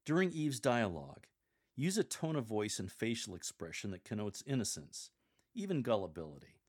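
Low-pitched male host, deliberate and emphatic coaching delivery with a playful streak. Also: sing-song, darkish tone. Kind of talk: instructional podcast on scripture reading.

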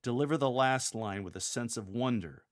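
A man giving measured, explanatory coaching on how to read scripture aloud, slowing down to model the phrasing. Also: medium pitch. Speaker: lector coach. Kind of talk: instructional talk on reading scripture aloud.

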